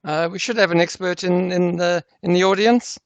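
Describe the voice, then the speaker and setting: A man giving out the quiz answers in a halting way, full of fillers. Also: high voice, steady tone, clean tone, dry recording. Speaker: game organizer giving answers. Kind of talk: casual chat.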